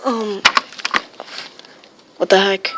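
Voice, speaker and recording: A woman's voice: medium pitch, level tone, drawn-out words, background noise. A woman live-streaming, rambling and exclaiming often while reading viewer comments. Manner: rambling, filler-heavy. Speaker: livestream weather vlogger.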